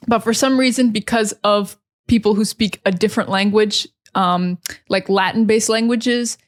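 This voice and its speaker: American woman teaching pronunciation slowly. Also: mid-range voice. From Maine, USA. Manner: slow, careful, repeats words syllable by syllable. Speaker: English teacher. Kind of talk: pronunciation lesson.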